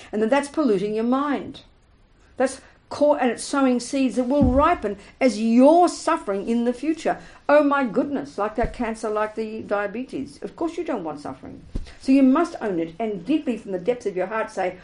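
A woman's voice: a little high, poor audio. Emphatic woman teaching a group. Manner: emphatic, animated, acts out little scenes. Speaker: Buddhist teacher. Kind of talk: dharma talk to a group.

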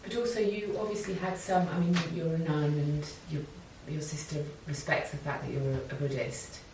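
A woman with a low, deep voice talks hesitantly in casual chat. She sounds distant from the mic in a very echoey room, with a faint hiss behind her. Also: fairly even intonation, moderate pace. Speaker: conversation partner.

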